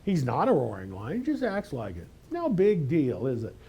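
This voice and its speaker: A man's voice: a little high, huge pitch swings, normal speed, warm tone, husky. A man preaching a sermon as pastor, emphatic and conversational, asking his listeners rhetorical questions.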